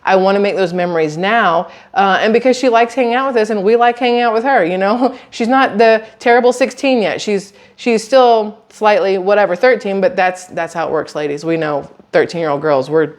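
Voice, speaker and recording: A woman, chatting casually to camera in a rambling, animated way. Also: medium pitch, a little fast, hardly any pauses. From southern United States. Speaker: vlogger.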